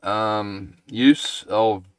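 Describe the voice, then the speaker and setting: A deep-voiced man streams a game live, rambling and half-thinking aloud. He speaks at an unhurried pace, often stalling mid-sentence and then addressing his viewers directly. His voice sits close and dry, with little room sound. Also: steady tone, clean tone, dry recording.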